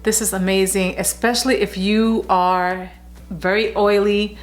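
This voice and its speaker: A woman's voice: mid-range voice, little pitch movement, a little slow. A woman vlogger chatting casually about beauty products, gushing and full of restarts and asides, recorded on a camera mic at home. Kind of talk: casual product review chat.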